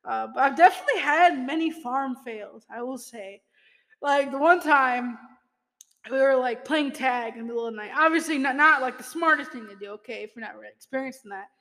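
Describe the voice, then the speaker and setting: A woman's voice: high voice, brisk, fairly bright tone, big-room sound. A young woman telling casual stories in a chatty way, laughing often and using lots of fillers. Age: young adult. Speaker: podcast host. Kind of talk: casual storytelling monologue.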